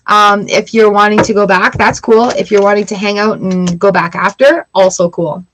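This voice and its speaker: A woman's voice: medium pitch, fairly even intonation, moderate pace, a little hiss or hum, poor audio. A woman reading tarot cards for a live audience, chatty and upbeat, greeting viewers by name between cards. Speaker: tarot reader.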